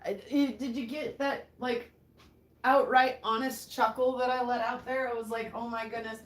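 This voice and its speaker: A woman's voice: fairly high pitch, steady tone, moderate pace. A woman from Montana hosting a casual chat with her viewers, laughing a lot and saying "like" and "seriously" often. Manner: chatty, says "like" and "seriously" a lot. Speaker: rockhound channel host.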